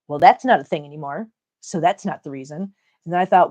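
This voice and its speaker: A woman's voice: lowish voice, animated, fast talker, darkish tone, lo-fi sound. A middle-aged woman hosting a casual livestream, joking and chatting as she reads viewer comments aloud. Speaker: livestream host reading chat.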